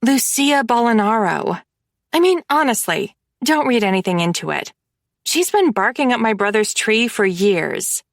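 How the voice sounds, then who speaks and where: A woman's voice: fairly high pitch, animated, a little slow, no room sound, clean studio sound, voice pushed up. A woman voicing a bratty, sarcastic twenty-year-old mafia sister who mocks and gushes in a fake sweet tone. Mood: snarky. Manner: snarky, mocking, gushing.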